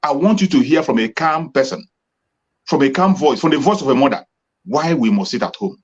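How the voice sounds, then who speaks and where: A man's voice: medium pitch, animated, brisk, breathy edge. Nigerian host guy, earnest and preachy, muffled livestream sound. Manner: earnest, exhorting the audience. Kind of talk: hosting an online broadcast.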